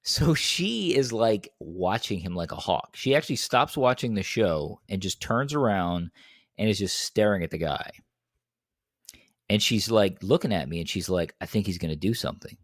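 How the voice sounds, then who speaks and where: Man, young, casual storytelling, lively up-and-down pitch, dry close sound. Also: moderate pace, no echo. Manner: animated, acts out quotes in a higher voice. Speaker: podcast co-host.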